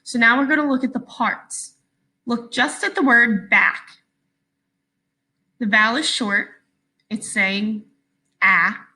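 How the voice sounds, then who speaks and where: A woman teacher giving a recorded phonics lesson to young children, patient and clearly enunciated. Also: on the high side, slow pace, long pauses, sharp tone, rough recording.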